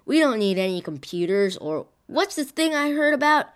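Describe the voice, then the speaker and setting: A woman voicing a blunt, gruff male jazz band leader who scolds in an exasperated way. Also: medium pitch, sing-song, moderate pace, pitched above the performer's own voice, natural voice.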